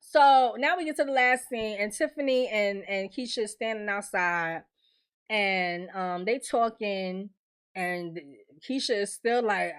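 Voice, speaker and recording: A woman's voice: mid-range voice, unhurried, fairly bright tone. A woman casually recapping a TV episode in AAVE slang, acting out the characters' lines as she goes. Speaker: TV recap host.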